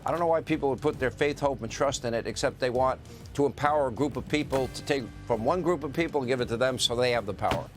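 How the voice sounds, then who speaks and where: Brief: male news host, mid-pitched, indignant, listing points, faint music behind. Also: fast. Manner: list-driven, indignant. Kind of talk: political TV interview.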